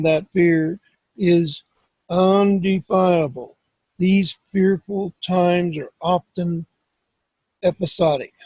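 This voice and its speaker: A man reading a self-help book aloud in a slow, measured way, with occasional slips and restarts. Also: high-pitched, a little mellow, no room sound, low-quality recording. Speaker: audiobook reader.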